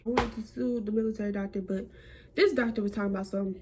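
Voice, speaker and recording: A young woman telling a personal story to camera in a chatty, animated way. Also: fast talker, slightly rough. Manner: animated, chatty, acts out quotes with big jumps in pitch. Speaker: vlogger.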